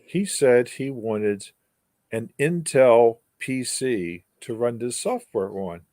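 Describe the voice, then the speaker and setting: An older man speaks as a guest, spinning a long anecdote with wry humor and emphatic repeated words. His voice sits at a middle pitch and is recorded dry and close. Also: slow pace, no echo. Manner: wry, animated storyteller with emphatic repetition. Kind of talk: storytelling in an interview.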